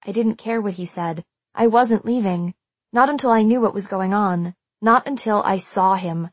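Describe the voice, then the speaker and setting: A woman narrates a first-person audiobook in a tense, suspenseful storytelling manner. Her voice sits at a middle pitch for a woman. The recording is dry and close, with no room sound. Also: moderate pace, no echo.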